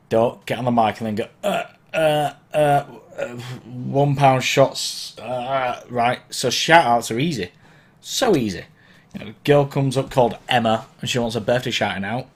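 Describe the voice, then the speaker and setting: His voice is mid-range with a breathy edge as this man, a DJ, hosts an online question-and-answer livestream. Hay fever has given him a sore throat; his manner is easygoing, encouraging and chatty, wandering and self-correcting. A mic mounted below the camera records him.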